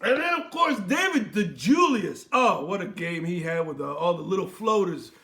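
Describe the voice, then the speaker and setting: Young male host, comedic sports recap, high and bright, theatrical and boisterous. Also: very animated, moderate pace, gravelly. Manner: boisterous, theatrical toasts, playful bits.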